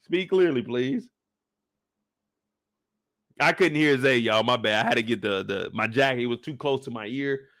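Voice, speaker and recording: A man hosting a casual, joking recap of a TV episode, animated and profane. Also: medium pitch, fairly quick, few pauses, no echo, clean studio sound. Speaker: YouTube show recap host. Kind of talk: casual comedic commentary.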